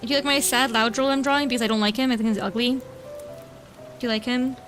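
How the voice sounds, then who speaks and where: A woman's voice: on the high side, steady tone, fast, a bit bright, soft background music. A young woman streaming at home, chatting casually with viewers while she draws and cooing at her cat. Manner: bubbly, chatty, coos baby talk at her cat. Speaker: vtuber streamer. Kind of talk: casual livestream chat while drawing. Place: home room.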